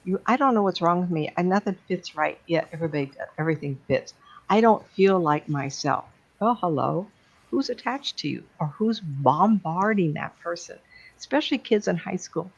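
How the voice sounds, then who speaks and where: Blunt gravelly woman, lo-fi sound. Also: on the low side, lively intonation, moderate pace. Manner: blunt and plain-spoken. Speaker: psychic medium speaker. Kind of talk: talk to an online audience. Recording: dull lo-fi sound.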